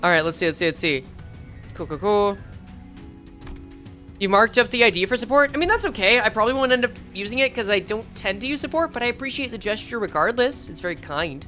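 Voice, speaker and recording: A woman streamer reading a game story aloud live, joking and reacting in an animated, casual way with occasional swearing. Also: mid-range voice, fast talker, pauses often, faint music behind.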